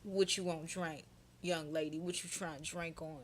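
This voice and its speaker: A woman voicing an older man who slowly delivers cheesy pickup lines to a woman at a bar. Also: deep voice, steady tone, slight background noise, natural voice. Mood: flirty.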